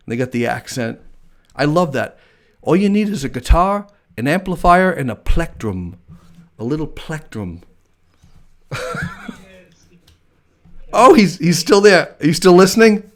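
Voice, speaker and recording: A man's voice: mid-range voice, animated, measured pace, long pauses. An American man hosting a casual live-stream chat, talking in a chatty, enthusiastic way and laughing often. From United States. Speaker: host.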